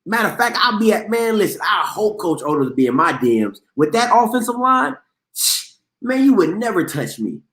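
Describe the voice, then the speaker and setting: Delivering casual sports commentary on a live talk show, the male host talks in an emphatic, slangy way, repeating himself for effect. He has a high, very animated, fairly bright voice at normal speed, recorded with noticeable reverb.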